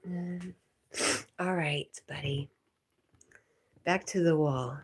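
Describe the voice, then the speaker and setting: A woman hosting a casual livestream, reading viewer comments aloud, talking to her dog and often dropping to a soft whisper. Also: deep voice, slow. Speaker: livestream host.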